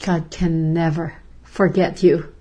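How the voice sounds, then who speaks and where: A woman's voice: low voice, level tone, takes it slowly, dark tone. Fervent woman joining a Bible talk. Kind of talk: conversational Bible discussion.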